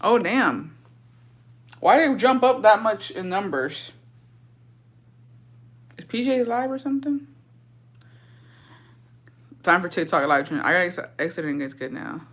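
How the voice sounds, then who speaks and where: Live-streaming from her phone with headphones on, a young woman tells a blunt, profane, animated storytime tale. Her voice sits in the mid range, and she speaks a little slowly with long pauses.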